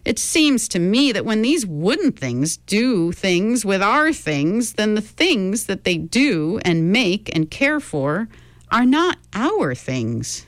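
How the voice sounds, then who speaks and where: A woman voicing a mournful former gardener who searches slowly for his words. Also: fairly high pitch, big pitch swings, no room sound, pitched above the performer's own voice.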